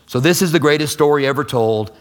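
A middle-aged male pastor preaching a sermon, telling a story with big swings between loud, animated stretches and hushed, quiet ones. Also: a little high, fast talker.

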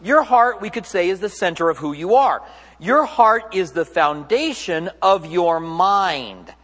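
A man's voice: high-pitched, expressive, unhurried, a bit bright, long reverb tail. A man delivering a sermon as a pastor in a church, speaking in a conversational, joking way and often correcting himself mid-sentence.

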